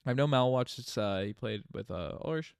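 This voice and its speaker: This young man from Newfoundland, Canada, hosts a casual live stream in a brisk, expressive, creaky mid-range voice with a clean tone and a light Newfoundland accent. The recording is dry and studio quality, and his chat rambles with frequent restarts and laughs.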